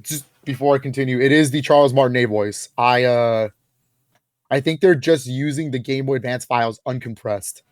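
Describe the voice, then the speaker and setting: This young man's mid-range voice comes through a dry studio recording as he co-hosts a podcast. He keeps the chat casual and animated, leaning on fillers and laughing often.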